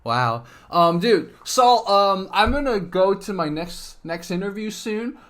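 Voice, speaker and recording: A man's voice: high-pitched, lively intonation, slow, a bit bright. A man hosting a casual interview, enthusiastic and talkative, filling his speech with "like" and "um" and restarting phrases. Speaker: podcast host, interviewer.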